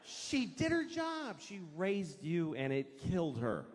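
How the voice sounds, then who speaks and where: A man performing a stand-up comedy routine in front of a live audience, animated and acting out characters as he goes. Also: a little high, slow pace, a little hiss or hum. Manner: animated, acts out characters in voices. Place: large venue with a live audience.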